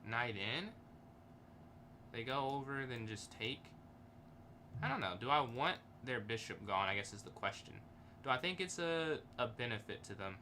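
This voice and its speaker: Bright-voiced man thinking aloud over chess. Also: medium pitch, animated, normal speed, pauses often, slight background noise. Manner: thinks aloud, hesitant, chuckles often. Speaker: chess streamer. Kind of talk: casual live-stream commentary.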